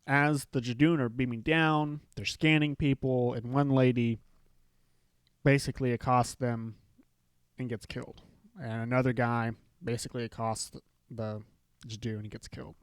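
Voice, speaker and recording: This podcast host has a medium-pitched, clear and resonant voice with fairly even intonation and a normal pace, recorded with no room sound. He's doing a casual solo recap of his show, chatting loosely and retelling scenes with plenty of filler.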